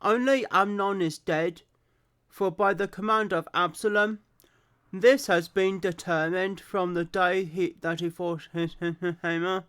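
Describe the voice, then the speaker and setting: A woman voicing a calm, knowing male royal adviser in an exaggerated Birmingham accent. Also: lowish voice, measured pace, clear, resonant tone. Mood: reassuring.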